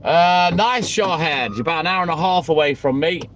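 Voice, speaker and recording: A man's voice: a little high, moderate pace, fairly bright tone. A middle-aged man, a milkman, chatting casually to live-stream viewers while working his round, greeting them by name and swearing freely. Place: on the road during a delivery round. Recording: outdoor vehicle noise behind the voice. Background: vehicle and street noise.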